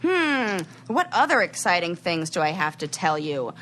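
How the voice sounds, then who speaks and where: A woman co-hosting a podcast, chatting casually and acting out what friends said in lively voices. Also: fairly low pitch, moderate pace, a little hiss or hum. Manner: animated, quotes people in lively put-on voices. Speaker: podcast co-host. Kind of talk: casual chat.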